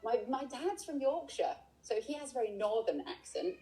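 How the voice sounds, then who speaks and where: This is a woman from England narrating a walking tour outdoors. She explains things in a chatty, easygoing way and often pauses on an um. The sound comes through a video call. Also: fairly high pitch, very animated, dark tone, low-quality recording. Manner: chatty, explanatory, with frequent ums. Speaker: tour guide. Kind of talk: live walking tour chat. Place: outdoors by a river.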